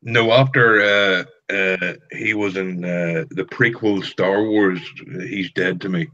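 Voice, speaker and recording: Brief: low-voiced blunt man from Ireland, muffled lo-fi mic. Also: steady tone, slow, pushed and bright. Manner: blunt, grumbling, swears freely. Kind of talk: casual podcast banter.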